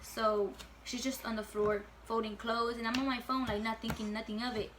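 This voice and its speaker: A woman's voice: on the high side, little pitch movement, moderate pace, heavy background noise. A woman in her late teens telling a casual storytime at home, chatty and full of fillers, swearing freely. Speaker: vlogger.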